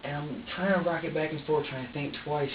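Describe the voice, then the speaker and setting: A man's voice: fairly high pitch, fairly even intonation, brisk, a little hiss or hum. Agitated, swearing man in an interrogation room. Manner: agitated, rambling, heavy swearing. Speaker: interrogation suspect. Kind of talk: police interrogation. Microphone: distant room mic. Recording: dull echoey room audio from far off.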